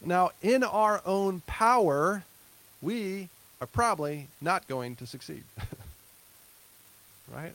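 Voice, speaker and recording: A man's voice: high-pitched, animated, slow, pauses often, a bit bright, low-quality recording. A male pastor giving a conversational sermon, with asides to the congregation and a closing prayer. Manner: conversational preaching with light laughs and asides.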